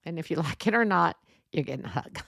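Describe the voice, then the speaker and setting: A woman chats through a solo podcast episode, rambling along with plenty of ums and restarts. Her voice sits a little low and has a gravelly, creaky edge. The sound is dry and close, with no room around it. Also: animated, quick pace, a bit bright, dry recording. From Texas. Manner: chatty, rambling, frequent fillers and laughs. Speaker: podcast host. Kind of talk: casual solo podcast monologue.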